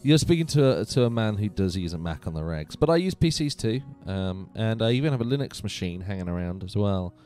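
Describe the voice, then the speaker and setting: Low-ish guy streaming a game from his room, super bouncy delivery, laughs a lot. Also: fairly quick, few pauses, soft background music. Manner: animated, chatty, laughs often. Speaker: live-stream host. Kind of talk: casual gaming live-stream chat. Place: home computer room.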